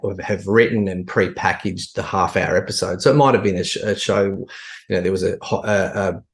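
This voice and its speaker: A man's voice: deep voice, fairly quick. A middle-aged man with an Australian accent, chatting casually as a podcast guest, telling a story with many restarts and fillers. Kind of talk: casual chat.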